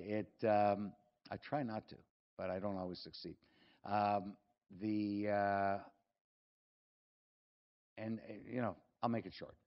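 An older man, a real estate executive appearing as a guest speaker at an event, tells an audience rambling, self-deprecating business stories. His voice sits on the low side, with the highs cut off.

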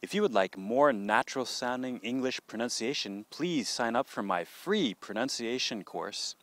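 A middle-aged man hosting a podcast English pronunciation lesson, modeling words slowly and clearly and asking listeners to repeat after him. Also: mid-range voice, expressive, a bit bright.

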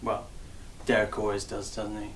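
A man teaches a dance routine, calling out steps and counting beats in a chatty, upbeat, jokey manner. His voice is lowish and fairly bright, though the delivery is completely flat at a moderate pace. The recording has a roomy echo, a bit of hiss or hum, and he sits far from the mic.

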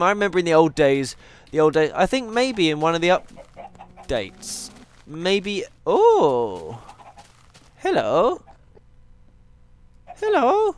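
A tired young man, chatting casually as he plays a game and teases the animals on screen. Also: a little high. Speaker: gaming YouTuber. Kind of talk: casual let's-play commentary.

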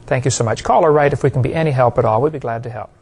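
A man's voice: mid-range voice, racing, darkish tone, breathy edge. A man preaching an evangelistic sermon to a live audience, folksy and joking with the crowd. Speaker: creationist preacher.

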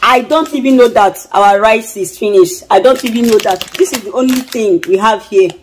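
A woman's voice: a little high, normal speed, slight background noise, low-quality recording. A woman with a Nigerian accent talks straight to her viewers in a casual vlog. She frets aloud and circles back to the same worries, repeating her lines as she goes. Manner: chatty and fretful, repeats herself. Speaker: vlogger.

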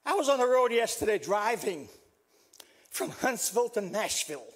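A man's voice: sits high, sing-song, normal speed, slightly rough. An older man with a Southern US accent preaching a funeral sermon, with dramatic swings in his delivery. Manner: preaching with dramatic swings, acting out quoted voices. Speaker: pastor.

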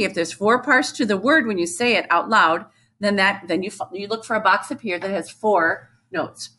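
Woman teacher, recorded kids' music lesson, patient explaining, slightly husky tone. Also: mid-range voice, expressive, a bit bright. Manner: patient, slow explanations with chanted rhythm syllables. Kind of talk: recorded lesson for young children.

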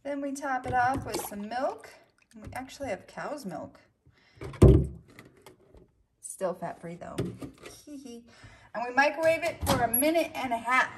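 A woman's voice: high-pitched, animated, unhurried, long pauses, heavy background noise. A middle-aged woman vlogging casually from her home kitchen, chatting to her viewers and her pets with self-mocking humor. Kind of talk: casual vlog chat.

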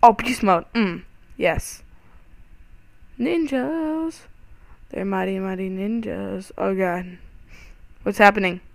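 A young man reacts to his own gameplay in an easygoing, unhurried drawl, breaking into panicky yelps and startled outbursts. His voice is close and dry, with no room sound around it. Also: high voice, vocal fry, dry recording. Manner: excitable, panicky exclamations. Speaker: gaming channel host. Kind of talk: let's-play game commentary.

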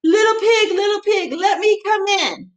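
A woman voicing the big bad wolf from a storybook, a blustering male wolf calling out in a strained, high, shouty voice. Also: measured pace. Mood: demanding.

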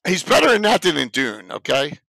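Gravelly South Jersey stream host. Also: male voice, fairly high pitch, pushed and bright, no room sound, low-quality recording. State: hoarse from illness. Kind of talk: casual stream chat.

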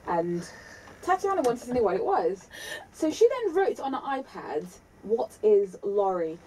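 A woman's voice: sits high, very animated, moderate pace, a little mellow, husky, recorded from a distance, low-quality recording. Giggly British woman radio presenter. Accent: British English. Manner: giggly, chatty. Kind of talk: casual radio interview.

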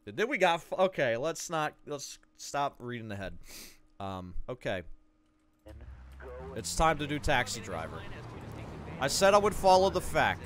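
A man's voice: mid-range voice, big pitch swings, unhurried, pauses often, a bit bright. A man playing through a game and reading a walkthrough guide aloud, breaking off for joking asides. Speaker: gaming video creator. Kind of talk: let's play commentary.

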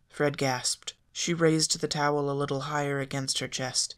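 An audiobook reader narrating a fan fiction story in a calm, measured way. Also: medium pitch.

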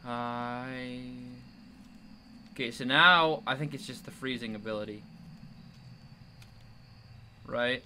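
A young man giving jumpy commentary while playing a horror game, yelling at the monster chasing him. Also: medium pitch, slow, pauses often, slight background noise. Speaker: gamer.

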